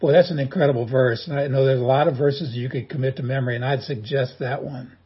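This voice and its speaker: A man's voice: mid-range voice, steady tone, fast talker, slightly rough, muffled recording. A man preaching a sermon as a pastor, in a folksy, humorous storytelling manner.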